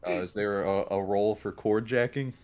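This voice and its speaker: A man's voice: on the low side, normal speed, darkish tone. A man playing a tabletop game, asking casual questions in a hesitant way. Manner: hesitant, with fillers. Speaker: player.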